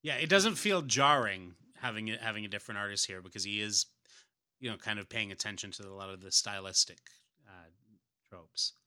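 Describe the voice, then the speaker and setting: A man's voice: fairly low pitch, a little fast, pushed and bright. A man co-hosting a casual comic book podcast, chiming in with agreeable, thoughtful remarks. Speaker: podcast co-host.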